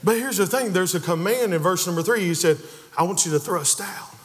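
A man's voice: high voice, brisk. A man preaching a sermon in a church, building emphasis and acting out the voices of the figures he quotes. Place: church sanctuary. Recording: long reverb of a church hall.

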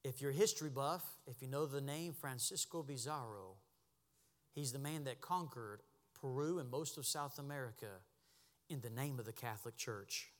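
A man preaching a sermon as pastor, impassioned, dropping to a hush and then rising to a shout. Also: mid-range voice, moderate pace, in a large hall. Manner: impassioned, swings from hushed to shouting. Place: church sanctuary.

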